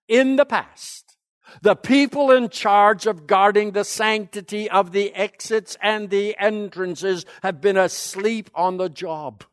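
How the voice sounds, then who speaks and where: Male Bible lecturer with a high voice, emphatic classroom delivery and rhetorical questions, in a dry room. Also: no room sound. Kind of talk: teaching lecture.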